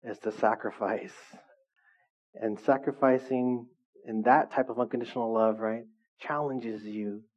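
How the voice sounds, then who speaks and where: A man preaching to his congregation in a casual, animated way, often asking the room questions. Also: mid-range voice, measured pace, muffled recording. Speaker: pastor. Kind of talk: sermon.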